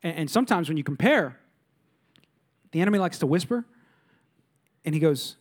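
A man's voice: on the high side, animated, moderate pace, long pauses, breathy edge. A man in his thirties preaching a sermon as a pastor, emphatic, repeating key lines and asking the audience questions.

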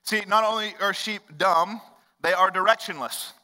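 A young adult man preaching a sermon as pastor, conversational, jumping from loud bursts to hushed low lines. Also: fairly even intonation, normal speed, long reverb tail, poor audio.

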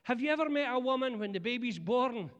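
A middle-aged man with a Scottish accent preaching a humorous sermon, animated and joking as he talks to the congregation. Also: extremely high pitch, fairly quick, dull audio. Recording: long church hall reverb.

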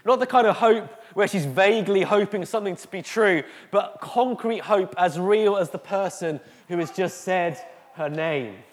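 A man preaching a sermon to a congregation, slow and emotive, with dramatic pauses. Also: sits high. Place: church hall. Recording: echoey hall.

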